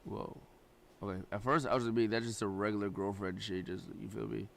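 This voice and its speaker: A man's voice: on the low side, fairly even intonation, fast, vocal fry, a little hiss or hum. A man hosting a casual reaction chat, incredulous and slangy, often laughing in disbelief. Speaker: podcast host reacting to clips.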